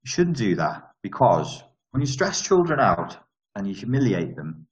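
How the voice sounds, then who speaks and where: A man's voice: on the low side, very animated, normal speed, rough recording. A man hosting a live stream, reading viewer comments and answering them in a rambling, self-interrupting way with wry asides.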